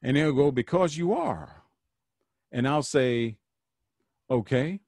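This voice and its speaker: A man talks straight to his listeners in an earnest, preaching way, often repeating himself to drive a point home. His pitch swings widely as he speaks. The sound is dry and close, with no room around it. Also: lively intonation, slow, a little mellow, no room sound. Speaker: podcast host. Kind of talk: solo podcast monologue.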